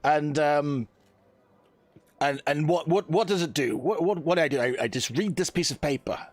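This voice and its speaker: A man putting on a pompous, posh ship captain, his voice pushed well above his usual pitch. The captain is bossy and commanding, stumbling over repeated words as he gives orders. The recording is close and dry. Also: normal speed, dry recording, natural voice. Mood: blustering.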